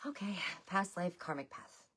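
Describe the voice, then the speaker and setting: A woman's voice: lowish voice, lively intonation, normal speed, a bit bright, slight background noise. A woman giving a loose, chatty tarot reading to her viewers, talking to them as y'all. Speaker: tarot reader. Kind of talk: casual livestream tarot reading.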